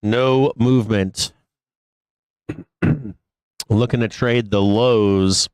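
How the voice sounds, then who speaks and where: Angry profane man, low smooth voice. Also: fairly even intonation, darkish tone, no echo. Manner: angry, profane, halting with many fillers. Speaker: stock trading show host. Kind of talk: live trading commentary.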